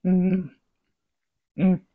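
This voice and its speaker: A chatty woman with a light Southern lilt talks through her home cooking in a rambling, easygoing way, savoring each bite aloud. Her voice sits a little low for a woman. The sound is a dull, lo-fi home recording. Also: steady tone, extremely slow, slight background noise. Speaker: cooking vlogger. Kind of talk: casual cooking chat.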